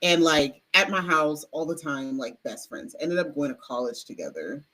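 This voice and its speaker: A young woman co-hosting a podcast in casual, chatty talk, expressive and rambling with fillers. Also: low-pitched, moderate pace, rough recording. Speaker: podcast co-host. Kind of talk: casual chat. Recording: faint background noise.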